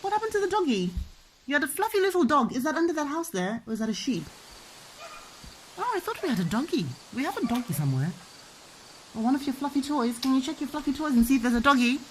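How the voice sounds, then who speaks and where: This mom's high, very animated voice moves quickly through a rough recording with a little hiss or hum. Teaching her toddler with toys, she asks sing-song, coaxing questions and plays out animal sounds.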